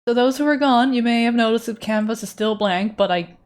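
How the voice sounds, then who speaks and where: A woman's voice: fairly high pitch, fairly quick. Young woman rambling while drawing on stream, giggles a lot, pokes fun at herself. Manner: rambling, giggly, self-deprecating. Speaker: art streamer. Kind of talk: casual live-stream chat while drawing.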